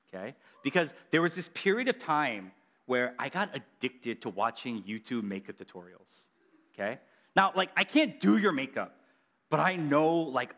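A man preaching a casual sermon, chatty and animated, acting out quotes with lots of fillers. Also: a little high.

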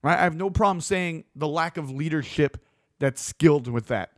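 Blunt, animated man on a rant. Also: on the high side, normal speed, dry recording, studio quality. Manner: blunt, swears freely, animated. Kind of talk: opinionated monologue.

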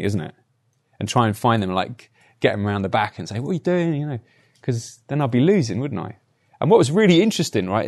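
A man's voice: mid-range voice, darkish tone. A man giving a conversational sermon, telling personal stories and often adding tag questions like "right?". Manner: chatty, anecdotal, frequent tag questions. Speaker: preacher.

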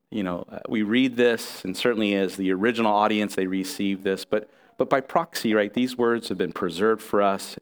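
A middle-aged man preaching a sermon as pastor, earnest and conversational, with restarts and asides to the congregation. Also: fairly low pitch.

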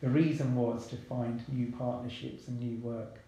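A man, talking casually as a podcast guest in a relaxed, chatty way with many asides. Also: mid-range voice, normal speed. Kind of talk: casual interview talk. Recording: very echoey room.

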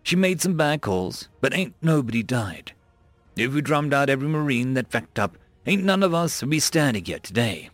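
A man's voice: mid-range voice, sing-song, normal speed, no room sound, faint music behind, close to an everyday voice. A man reading a blunt veteran Marine first sergeant who talks in a folksy, plain-spoken way.

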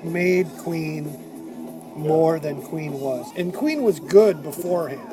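A man's voice: a little high, lively intonation, slow. A man hosting a casual chat about rock music, enthusiastic and agreeable. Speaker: host.

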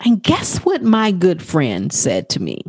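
A woman life coach hosting a motivational podcast, talking in an animated, profane way. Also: measured pace, slightly rough, dry recording, studio quality. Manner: animated, profane, acts out quoted talk in a high voice.

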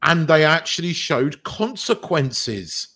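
A man's voice: fairly high pitch, very animated, slow, pushed and bright, slightly rough. A man talking as a podcast guest in casual chat, hesitant and full of fillers.

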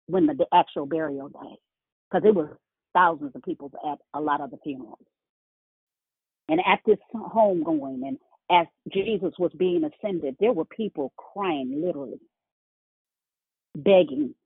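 Husky woman preaching slowly over a phone line. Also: on the low side, no room sound. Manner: emphatic, repeating words for effect. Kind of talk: sermon. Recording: tinny phone-line sound.

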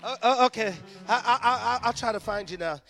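A pastor from the Bronx with a New York accent, preaching a sermon that builds from quiet talk to shouted appeals. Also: male voice, very high-pitched, a little fast, long reverb tail, soft background music.

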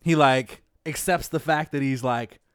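A man co-hosting a casual movie chat, retelling scenes with excitement and quoting characters. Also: mid-range voice, a little slow, clear, resonant tone, dry recording, clean studio sound. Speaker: podcast co-host.

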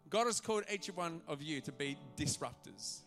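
A male pastor preaches with real animation in a church auditorium, dropping into small voices for the characters in his stories. He speaks at a normal pace in a bright, forceful tone pitched a little high, with gentle music faintly underneath.

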